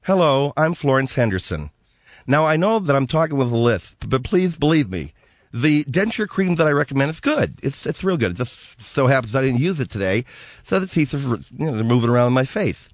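A man's voice: medium pitch, big pitch swings, unhurried, no room sound, voice pushed down. A man voicing an aging actress with loose dentures who speaks with a lisp, in a comedy radio ad. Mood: flustered.

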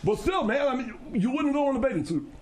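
A man voicing a naive, slow-witted male sidekick on a radio talk show, who agrees easily and asks basic questions. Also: very high voice, sing-song, darkish tone, voice pushed up. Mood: dopey.

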